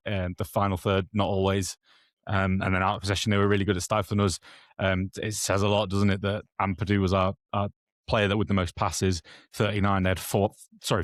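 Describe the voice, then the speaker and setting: A man's voice: low-pitched, no room sound. A man co-hosting a football podcast, talking through match tactics at length in a rambling, self-correcting way. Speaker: podcast co-host. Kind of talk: casual football analysis.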